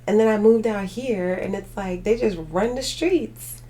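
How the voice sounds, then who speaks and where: A tired woman hosts a casual livestream, chatting with viewers in a rambling way full of filler words and laughter. Her voice is medium-pitched and dark in tone, and she speaks a little slowly.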